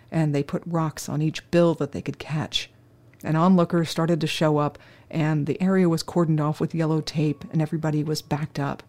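Gravelly, dark-voiced true crime storyteller. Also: mid-range voice. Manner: measured, solemn delivery.

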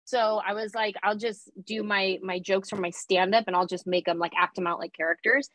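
A woman chatting as a guest, telling her story in an animated, laughing manner. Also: mid-range voice, a little fast, no room sound, poor audio. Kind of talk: casual chat.

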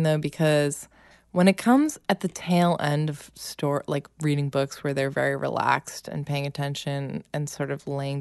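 A woman chatting casually as a podcast co-host and parent, thoughtful and practical, gently raising questions about family routines. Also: deep voice, no echo, studio quality. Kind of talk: casual chat.

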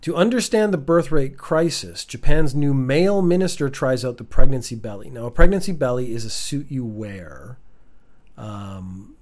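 A man's voice: mid-range voice, lively intonation, normal speed, a little mellow. A man giving casual, wry commentary on news stories from home, chatty with frequent restarts.

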